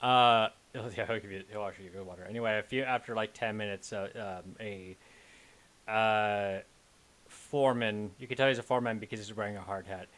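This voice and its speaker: A man narrating as game master of a tabletop game, relaxed and halting with fillers. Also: lowish voice.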